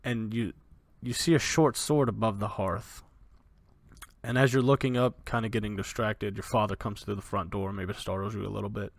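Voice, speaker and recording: Male dungeon master, gravelly voice, dry close sound; loose and vivid. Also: fairly low pitch, fairly even intonation, moderate pace, no room sound. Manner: loose, vivid narration with fillers. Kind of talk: narrating a tabletop game.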